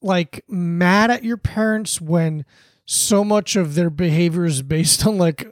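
A man's voice: sits high, slow, no room sound. A man co-hosting a casual podcast, making dry sarcastic quips and running the segments. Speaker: podcast co-host. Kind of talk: casual chat.

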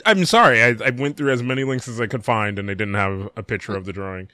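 A man's voice: on the low side, fast, sharp tone, dry recording, clean studio sound. A man hosting a casual podcast, reading news stories with frequent ums and uhs. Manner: reads news with many fillers. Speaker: podcast host.

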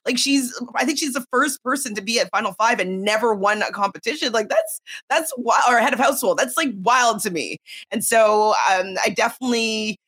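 Female co-host, husky tone, chatty opinionated commentary. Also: on the high side, a little fast, fairly bright tone. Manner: chatty, many likes, laughs between points. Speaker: co-host giving opinions on a reality show. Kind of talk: casual podcast commentary.

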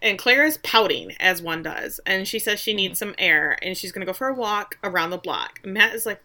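Bright animated woman recapping a show. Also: medium pitch, moderate pace, hardly any pauses. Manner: animated, profane, acts out characters' lines. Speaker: podcast co-host. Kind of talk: casual recap chat.

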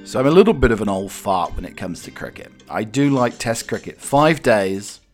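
Low-pitched man hosting a podcast, meandering and hesitant, faint music bed. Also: animated, moderate pace. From Norfolk, England. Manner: rambling and hesitant, many "uh"s and restarts. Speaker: podcast host. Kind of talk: casual solo podcast chat.

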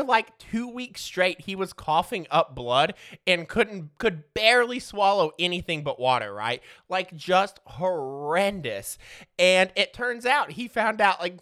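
A man's voice: high-pitched, bright, forceful tone. A man in his forties telling a rambling, profane childhood story in a casual comedic way, laughing often.

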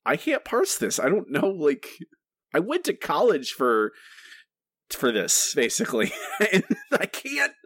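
Exasperated man with a lively pitch. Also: a little slow, breathy edge, no room sound, studio quality. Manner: exasperated, rambling with many restarts. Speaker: podcast co-host. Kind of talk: casual critical chat.

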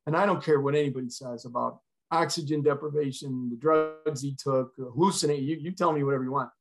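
A man's voice: medium pitch, brisk, music in the background. Earnest middle-aged man telling a story. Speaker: retired fire chief, podcast guest. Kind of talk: personal storytelling.

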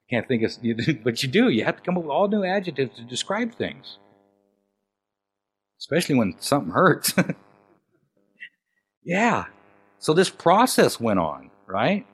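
A man preaching a sermon and telling his own story, swinging between loud emphatic questions and hushed, quiet quoted lines. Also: medium pitch. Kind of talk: sermon with personal testimony.

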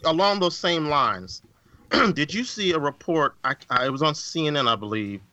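A man's voice: fairly high pitch, animated, moderate pace, pushed and bright, no room sound, dull audio. A man co-hosting a podcast in casual chat, talking emphatically and repeating words for effect. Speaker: podcast co-host.

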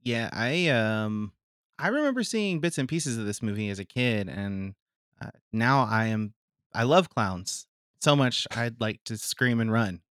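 A man's voice: medium pitch, lively intonation, unhurried, fairly bright tone, no echo, clean studio sound. A man in his thirties, a guest on a casual movie podcast, easygoing and joking. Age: 30s. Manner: easygoing, joking, laughs along. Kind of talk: casual chat.

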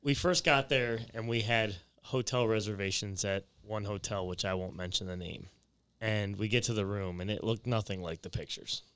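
A man's voice: fairly low pitch, moderate pace, fairly bright tone, clean tone. A man hosting a podcast, telling travel stories in casual chat with frequent laughs. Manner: laughing, rambling storyteller. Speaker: podcast host.

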